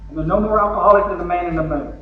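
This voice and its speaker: A man's voice: sits high, very fast, slight background noise. A man with a Texan accent giving a folksy, joking recovery talk from the podium at a convention. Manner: folksy and joking, with acted asides. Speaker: convention speaker. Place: large convention hall. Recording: echoey hall, lo-fi, from far off.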